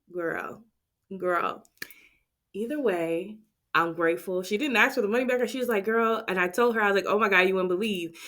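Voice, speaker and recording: A woman hosting a casual budgeting vlog, talking straight to her viewers in an expressive, chatty way. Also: mid-range voice. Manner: expressive, talks straight to viewers with lots of "y'all". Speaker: budgeting vlogger and channel host.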